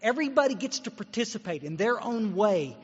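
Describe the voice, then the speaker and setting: A man from Texas speaks at a recovery meeting in a blunt, exhorting storytelling manner. His voice is husky and sits fairly high. The recording is dull and echoes through a long-reverb hall. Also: very animated, fairly quick. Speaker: guest speaker.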